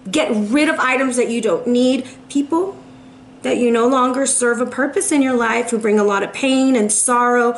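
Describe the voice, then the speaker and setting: A woman's voice: on the high side, moderate pace, slight background noise. A woman giving a monthly tarot reading to camera, chatty and emphatic, often checking in with her listeners. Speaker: tarot reader.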